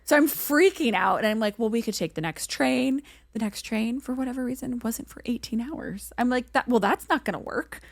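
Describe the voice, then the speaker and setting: A young woman co-hosting a podcast, telling a travel story in a casual, animated way and acting out the voices in it. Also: on the high side, normal speed, gravelly, no room sound, clean studio sound. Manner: animated, acts out quoted voices, many "like"s. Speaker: podcast co-host.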